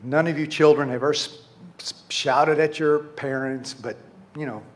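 High-voiced male pastor preaching. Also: fairly even intonation, normal speed. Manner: conversational, with frequent restarts and self-corrections. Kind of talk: sermon.

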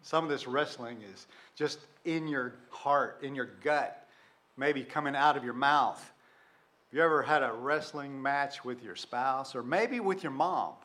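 A man's voice: mid-range voice, a little slow, pushed and bright. A man, preaching a sermon and telling a story from his youth in a conversational way, full of rhetorical questions. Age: 60s. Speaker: pastor.

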